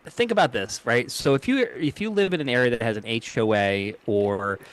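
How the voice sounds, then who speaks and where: A middle-aged man co-hosting a casual show over a video call, talking fast, rambling and swearing, with many restarts. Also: medium pitch. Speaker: co-host. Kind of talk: casual banter.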